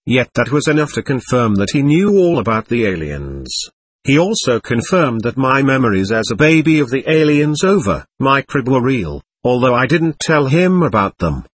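A man in his twenties telling his own story in earnest, measured first-person narration. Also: mid-range voice, big pitch swings, husky, dry recording. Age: 20s.

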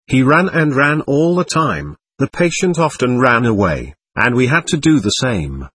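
Guy reading a suspicious stubborn ghost, husky voice, swoops up and down a lot. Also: mid-range voice, sing-song, unhurried, fairly bright tone, no echo, exaggerated voice. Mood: bewildered. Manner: defiant, suspicious and bewildered. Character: indignant confused ghost of a dead adult, hostile. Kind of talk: reading a dialogue aloud.

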